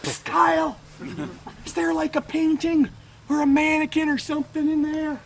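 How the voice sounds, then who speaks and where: A man puts on a nervous tourist with a high, hushed voice. The figure sounds jittery and spooked, asking questions under its breath. There is steady outdoor noise in the background. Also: moderate pace. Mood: nervous whisper.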